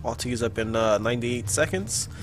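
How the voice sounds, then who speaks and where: A young man giving casual, profane, excitable commentary while playing a video game. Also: mid-range voice, fairly quick. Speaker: gamer. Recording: game music behind voice.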